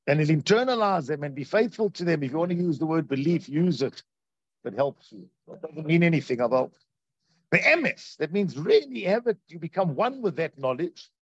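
On a dull lo-fi recording with no echo, a man whose voice sits on the high side leads an animated Torah class. He performs the quoted voices and puts questions to his audience.

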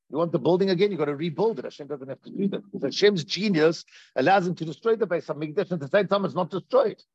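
A man teaching a Torah class as a rabbi, animated and repeating phrases for emphasis. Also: on the high side, vocal fry, breathy edge, no echo, dull audio. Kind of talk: Torah class on Tisha B'Av.

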